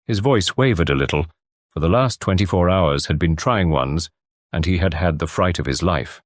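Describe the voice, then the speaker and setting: A man narrating a classic detective audiobook in measured storytelling. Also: sits low, dry recording, studio quality. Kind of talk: scripted narration.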